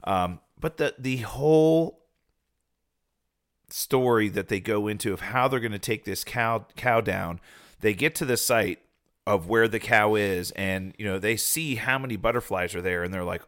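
A man in a casual chat, animatedly retelling a TV episode and acting out the characters' lines. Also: on the low side. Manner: animated retelling, acting out dialogue in quick voices. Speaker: podcast co-host.

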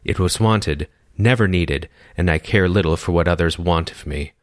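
A man voicing a calm, aloof woman of great age with strange power, speaking steadily and strongly. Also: deep voice, moderate pace, no room sound, clean studio sound, close to an everyday voice. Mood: steady.

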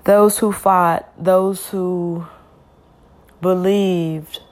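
A weary woman speaking a slow, deliberate, heavy lament in a spoken-word style. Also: lowish voice, fairly even intonation, darkish tone.

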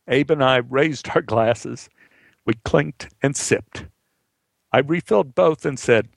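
Male storyteller, earnest, conversational, gravelly texture. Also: mid-range voice, slow pace, no room sound. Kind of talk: spoken storytelling.

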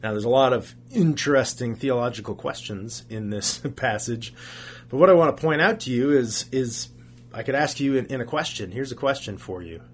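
A man's voice: mid-range voice, animated, normal speed, a little hiss or hum. A man preaching a sermon as a pastor, earnest, asking rhetorical questions and repeating phrases for emphasis.

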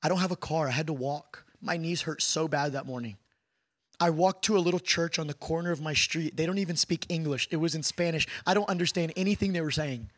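A man's voice: a little high, brisk, voice pushed down, close to an everyday voice. A man voicing a weary, skeptical older woman. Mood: earnest.

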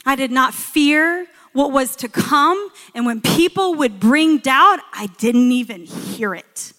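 A woman's voice: sits high, slow pace. A woman in her thirties, a guest speaker giving a sermon, telling stories expressively and lifting her voice for emphasis. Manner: storytelling, expressive, rising for emphasis. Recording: long hall reverb.

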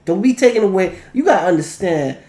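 A woman co-hosting a podcast in casual chat, animated and jokey, slipping into mocking voices. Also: mid-range voice, fast. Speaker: podcast co-host. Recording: echoey room.

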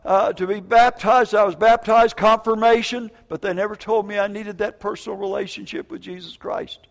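A man's voice: sits high, little pitch movement, moderate pace, vocal fry. A plain, candid old grandmother, as an older preacher quotes her, in a slightly raised voice. She admits things matter-of-factly. A long hall reverb trails each line. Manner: matter-of-fact confession.

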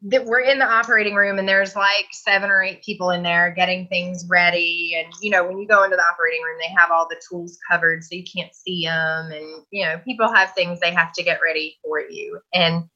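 A woman's voice: lowish voice, steady tone, a little fast, hardly any pauses, sharp tone, highs cut off. A woman guest telling a personal story in a chatty, earnest way that often breaks into laughter.

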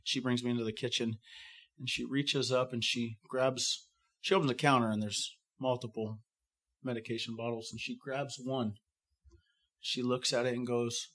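A man's voice: mid-range voice, little pitch movement, normal speed, fairly bright tone. A middle-aged man, a fire captain, recounting an evacuation with many fillers and restarts, sometimes acting out the voices of others. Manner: acts out quoted voices of others.

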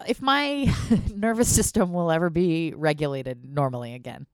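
Low smooth woman's voice, chatty podcast host rambling candidly, swears a bit, dry close mic. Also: normal speed, dry recording. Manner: candid, chatty, swearing, frequent ums and self-restarts. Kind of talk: casual podcast monologue.

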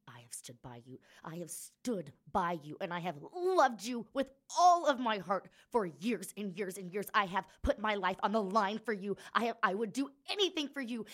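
A woman playing a fierce woman leader in a tabletop game, swinging between hushed threats and loud outbursts. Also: deep voice, husky, pitched below the performer's own voice. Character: fierce woman leader confronting a former ally.

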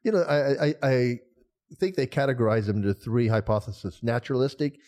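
A man's voice: medium pitch, fairly quick, a little mellow. Earnest man thinking aloud. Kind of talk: casual podcast discussion.

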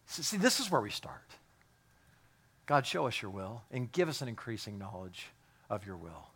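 A man preaching a sermon, telling stories in a hushed voice and then building to loud, emphatic exhortation with repeated words. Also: on the low side, sing-song, normal speed, long pauses, breathy edge. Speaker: pastor.

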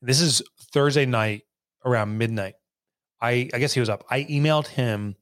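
A man hosting a casual podcast chat, telling lively stories and mimicking accents. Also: mid-range voice, moderate pace, no echo, clean studio sound. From Northeast United States. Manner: animated storyteller, mimics accents. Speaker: podcast host.

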